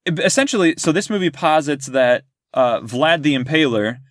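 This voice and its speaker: A man's voice: a little high, lively intonation, moderate pace, no room sound, studio quality. A man co-hosting a podcast, chatting casually and at length about a film, often restarting his sentences. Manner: talkative, restarts and explains at length. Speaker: podcast co-host. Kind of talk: casual movie discussion.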